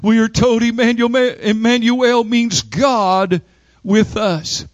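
A man preaching a sermon in a rhythmic call-and-response style, repeating phrases and building up to shouted lines. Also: extremely high pitch, steady tone, slow pace, no echo, dull audio.

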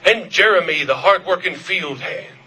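A man preaching a revival sermon, fervent, repeating his questions and shouting at the peaks. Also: high voice, normal speed, slight background noise. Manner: fervent, shouting at peaks, repetitive calls to the congregation. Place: church service.

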